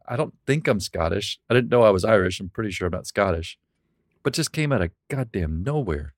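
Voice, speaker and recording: A man with a Southern US accent, a podcast guest who tells stories in an animated way and laughs as he talks. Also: fairly low pitch, brisk, dry recording, studio quality. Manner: animated storyteller, laughs through his stories. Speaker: podcast guest, author and comedian. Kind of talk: casual podcast chat.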